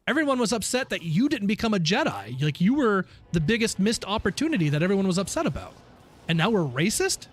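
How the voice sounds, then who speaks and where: A man streaming a game and chatting casually with viewers, animated and profane, ranting between laughs. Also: high voice, fairly quick, slight background noise. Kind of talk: casual livestream chat while gaming.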